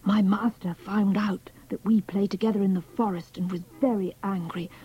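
A woman voicing a gentle young male hound puppy in a storybook reading, speaking in a hushed, breathy and earnest way. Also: mid-range voice, steady tone, moderate pace, lo-fi sound. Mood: worried.

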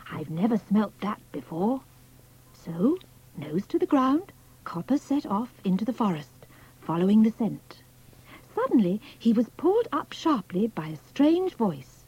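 Husky woman reading a children's story. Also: on the high side, very animated, unhurried, mellow, dull audio. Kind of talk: scripted narration of a children's story.

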